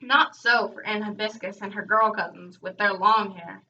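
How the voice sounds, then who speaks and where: A woman reading a children's book aloud, expressive, breaking off now and then for casual chatty asides. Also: mid-range voice, normal speed, a little hiss or hum. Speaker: reader hosting a read-aloud channel. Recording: dull, distant home recording.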